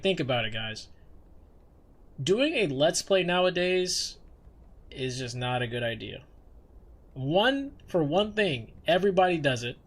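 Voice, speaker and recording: Young man, vtuber streamer, rambling casual chat, slightly high pitch. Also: fairly bright tone. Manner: rambling, conversational, with frequent restarts and fillers.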